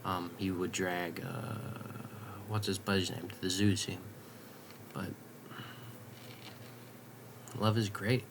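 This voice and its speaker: A young man vlogging in a late-night ramble at home, swearing casually and drifting into soft half-whispers. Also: low voice, steady tone, slow, vocal fry, long pauses, background noise.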